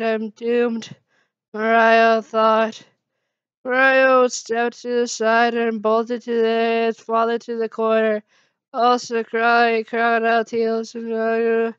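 A woman reads a fan story aloud at an unhurried pace, her voice very smooth and clear, stumbling and restarting now and then. Her pitch sits a bit high but stays flat, and the sound is dull and lo-fi. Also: dry recording. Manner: halting reading with slips and restarts. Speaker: fan fiction reader.

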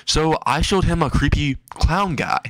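A man's voice: on the high side, animated, measured pace, fairly bright tone, no echo, pitched above the performer's own voice. A man voicing an unhinged young goth girl in a comic fan story, matter-of-fact and teasing.

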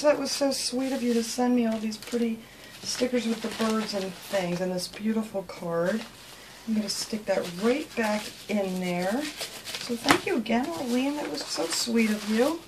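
A woman's voice: on the high side, noisy background. Chatty woman gushing over fan mail. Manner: gushing and chatty, thanking viewers by name. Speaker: craft channel host. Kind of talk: casual chat, opening mail. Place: home craft room.

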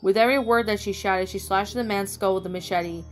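Woman narrating fanfic, mid pitch, little slips, soft music behind. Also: fairly quick. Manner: plain reading with small slips. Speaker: story reader. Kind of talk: reading fan fiction aloud. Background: faint music.

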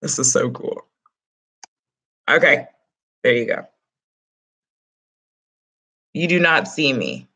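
A woman's voice: very deep voice, very animated, slow pace, gravelly, pauses often, pushed and bright, breathy edge. Woman teaching a class online. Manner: explains step by step, casual teacher talk. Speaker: Spanish teacher.

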